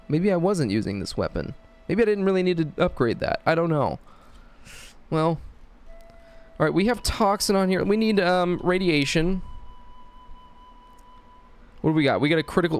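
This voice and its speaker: A man's voice: a little high, big pitch swings, normal speed, pauses often, soft background music. Crude jokey male gaming streamer. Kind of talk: casual livestream chat while gaming.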